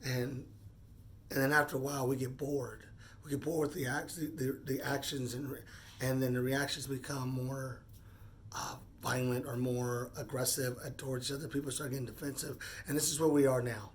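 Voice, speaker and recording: A man's voice: mid-range voice, level tone, slight background noise. Earnest man in his forties, thinking aloud. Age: 40s. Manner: earnest, halting, repeats words while thinking. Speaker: vlogger. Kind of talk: unscripted personal monologue.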